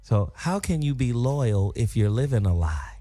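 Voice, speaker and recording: A man's voice: mid-range voice, sing-song, normal speed, mellow, dry recording, faint music behind. A man hosting a casual radio talk show, loose, joking and profane as he wraps up the hour.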